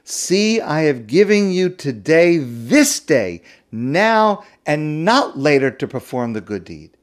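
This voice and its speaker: Male rabbi, Torah talk; unhurried and emphatic, somewhat high voice. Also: big pitch swings. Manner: emphatic, repeats key words for stress.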